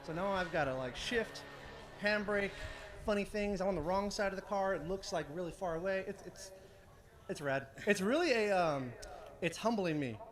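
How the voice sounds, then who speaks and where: A man's voice: high-pitched, normal speed. A man, a pro drift driver, talking enthusiastically in laid-back slang at a racetrack. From United States. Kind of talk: casual interview. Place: outdoors at a racetrack.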